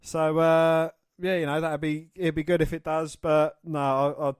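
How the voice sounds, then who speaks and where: A man's voice: on the high side, level tone, a little slow, clean tone, no echo. A man co-hosting a casual podcast, eagerly giving opinions and reading news. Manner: eager, opinionated, says mate. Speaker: podcast co-host.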